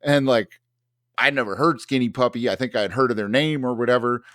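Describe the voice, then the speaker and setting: A man's voice: medium pitch, brisk, fairly bright tone, no room sound, studio quality. A man telling a long story in casual podcast chat, rambling with many fillers and restarts. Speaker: podcast host.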